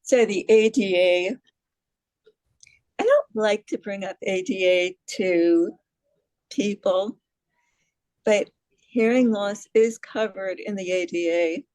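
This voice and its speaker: A woman's voice: mid-range voice, a little mellow, dry recording, rough recording. Chatty woman from New York City. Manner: chatty, asks the audience questions, laughs at herself. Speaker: presenter on hearing loss advocacy. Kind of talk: casual presentation to a group.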